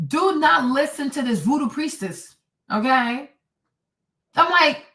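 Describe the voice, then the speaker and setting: A woman's voice: high voice, expressive, unhurried, a bit bright. Indignant woman host in an echoey room. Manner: indignant, mocking, sarcastic. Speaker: commentary show host. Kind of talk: reaction commentary on clips. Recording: echoey room, distant mic.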